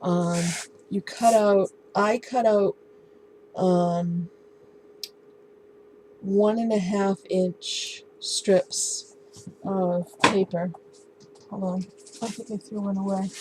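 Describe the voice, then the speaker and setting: A woman casually showing and explaining a handmade album in a relaxed, halting way, with many ums and restarts. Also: mid-range voice, background noise. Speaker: crafting vlogger. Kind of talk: casual show-and-tell craft tutorial.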